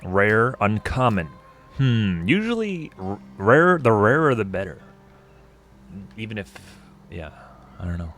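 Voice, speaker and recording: Male gaming streamer, low and casual, self-mocking banter over gameplay. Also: sing-song, measured pace, a bit bright, faint music behind. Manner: joking and self-mocking, thinks aloud. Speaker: gaming streamer playing through a game. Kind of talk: casual let's-play commentary.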